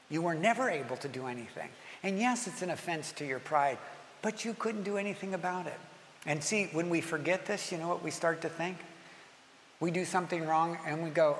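A man leading communion as a pastor, speaking earnestly and rising in pitch and force as he voices a listener's prayers. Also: fairly bright tone, slight background noise. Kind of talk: communion sermon. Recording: long hall reverb, faint ambience.

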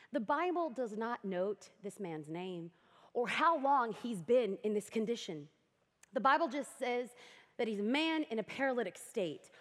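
A young adult woman preaching a sermon, telling the story with animated energy and acting out voices. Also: a little high, long reverb tail.

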